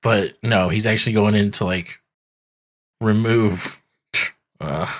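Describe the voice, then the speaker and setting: Low-voiced laid-back podcast man. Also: slow. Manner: laid-back storytelling, acts out characters in quotes. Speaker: podcast co-host. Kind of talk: casual recap chat.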